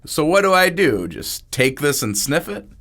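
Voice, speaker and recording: Man doing a dorky young party host, corny jokes, loud and higher, lively. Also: moderate pace. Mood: eager. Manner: corny, joking. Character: goofy clueless young man throwing a party.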